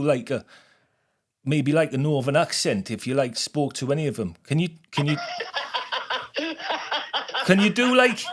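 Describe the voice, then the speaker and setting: A man hosting a podcast, playing a straight-faced fake recruiter in a teasing prank phone call. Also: fairly high pitch. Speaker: podcast host. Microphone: podcast studio mic.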